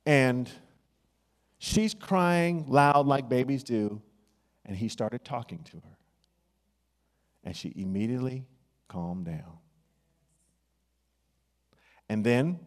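Male preacher, mid-range voice, hushed-to-loud sermon delivery, reverberant sanctuary sound. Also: medium pitch. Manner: builds from hushed, drawn-out phrases to loud excited bursts. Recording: long hall reverb.

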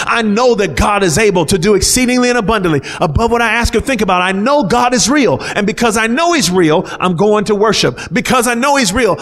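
A man's voice: sits high, a bit bright. A man preaching a sermon, reading scripture aloud and explaining it with rising fervor. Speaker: pastor.

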